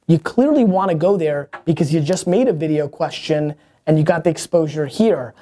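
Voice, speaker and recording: A man's voice: on the high side, mellow. A man in his thirties hosting an advice show, answering viewer questions in a brash, blunt and emphatic way.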